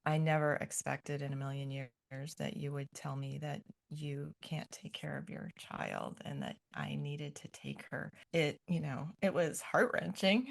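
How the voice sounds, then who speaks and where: Low creaky-voiced middle-aged woman. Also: fairly even intonation, unhurried, hardly any pauses. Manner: gentle, thoughtful, searching for words. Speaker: guest, grandmother. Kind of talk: reflective podcast conversation.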